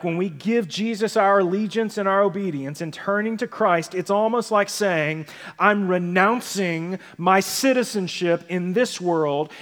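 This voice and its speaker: A pastor preaching a sermon in a conversational style, often checking in with the congregation with tag questions. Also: male voice, a little high, in a large hall. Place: church sanctuary.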